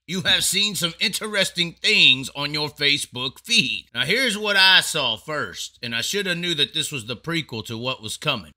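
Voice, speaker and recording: Bright, high-voiced profane racing commentator. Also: male voice. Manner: animated, profane, laughing asides. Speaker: racing show host. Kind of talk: casual commentary.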